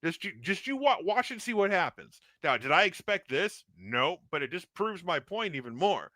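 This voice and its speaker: A man co-hosting a casual postgame livestream, talking fast and loose with lots of swearing and laughter. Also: high voice, dry recording. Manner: animated, swearing, laughing, mimicking people. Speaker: livestream co-host.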